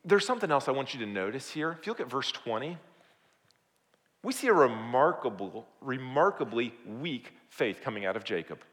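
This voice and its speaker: A man preaching a sermon as pastor, swinging from loud, emphatic appeals to hushed, quiet asides. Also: medium pitch, sing-song, moderate pace. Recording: long hall reverb.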